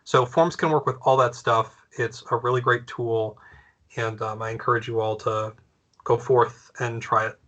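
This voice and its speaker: A man presenting an online training on a video call, relaxed and friendly, losing his voice. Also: mid-range voice, normal speed.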